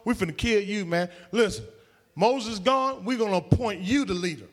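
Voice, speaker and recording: A preacher acting out grumbling, impatient Israelite men. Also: male voice, high voice, moderate pace, big-room sound. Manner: casual, slangy, pushy.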